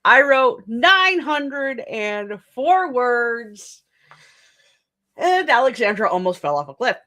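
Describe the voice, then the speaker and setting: A woman's voice: on the high side, very animated, slow, pushed and bright. A young woman hosting a live writing stream, chatting casually, laughing often and restarting her sentences as she goes.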